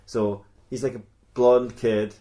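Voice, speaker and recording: A man's voice: mid-range voice, level tone, takes it slowly, dark tone. A man improvising a comic story, rambling and correcting himself as he goes, in an echoey room. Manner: rambling, self-correcting, laughing at own jokes. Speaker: podcast host.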